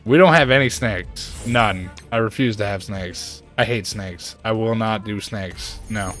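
A man streaming a game and chatting casually, ranting in an animated way and jumping to high exclaims. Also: measured pace, soft background music. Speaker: gaming streamer. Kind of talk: casual chat while playing a game.

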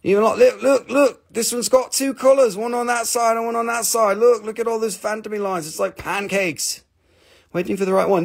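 Guy running a live rock sale, gravelly voice on the higher side, joking and rambling nonstop. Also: fairly even intonation, fairly quick. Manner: chatty, joking, self-mocking, rambling. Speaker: live stream crystal seller. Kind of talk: casual live sales stream banter.

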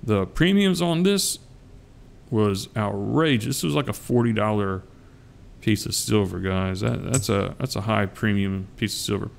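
A man's voice: on the low side, gravelly. A middle-aged man with a Southern US accent, chatting casually and joking with his viewers as a coin collecting vlogger. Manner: joking, drawn-out, addresses viewers as guys. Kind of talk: casual rambling chat.

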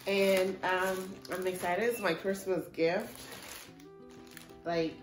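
A woman chatting excitedly in a casual vlog at home, gushing over an unboxing, a little stuffy from a cold; English is not her first language. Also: medium pitch, slow, music in the background. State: slightly congested from a cold. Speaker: vlogger.

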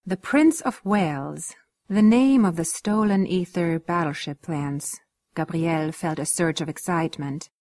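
Woman reading a story, low voice. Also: measured pace, darkish tone. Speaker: audiobook reader. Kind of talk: scripted narration.

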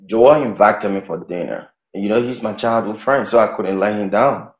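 An actor with a Liberian English accent plays an evasive married husband, defensive and pleading with both his wife and his mistress. His voice sits on the low side at a moderate pace, lightly acted, with lo-fi sound in an echoey room.

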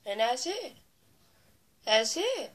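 A woman's voice: sits high, sing-song, slow pace. A woman vlogging in a casual, rambling and playful way, talking straight to her viewers. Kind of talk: casual chat to camera.

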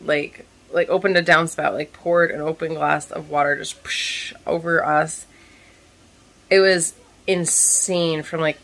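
Cooking in her kitchen for a vlog, a stay-at-home mother animatedly relates a story in a relaxed, chatty way. She has a rough, hoarse voice that sits on the low side.

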